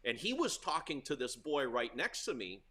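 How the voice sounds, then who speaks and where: A middle-aged man from Hawaii, a tennis coach, telling stories from his school years as a guest, laughing often and getting loud at the tense moments. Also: medium pitch, sing-song, moderate pace. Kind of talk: storytelling interview.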